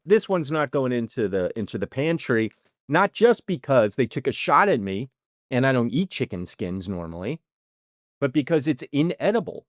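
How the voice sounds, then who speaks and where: A man's voice: medium pitch, no echo, studio quality. A man co-hosting a snack podcast in casual chat, emphatic and wry. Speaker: podcast co-host.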